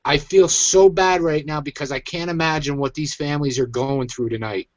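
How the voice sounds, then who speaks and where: A man's voice: on the high side, fairly even intonation, normal speed, dry recording, highs cut off. A man hosting his own online show, venting in an agitated, emphatic rant. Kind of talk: angry ranting commentary.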